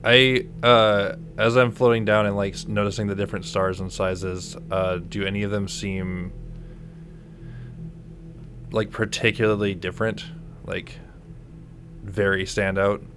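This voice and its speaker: A man's voice: lowish voice, unhurried, long pauses, slight background noise. A man playing in a tabletop game, describing his character's actions casually with some hesitation. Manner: relaxed and hesitant, with fillers. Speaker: player.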